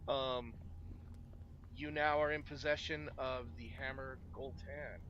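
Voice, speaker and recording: A man narrating as game master of a tabletop game, relaxed and rambling with many ums, on a muffled recording with steady noise. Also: mid-range voice, slow.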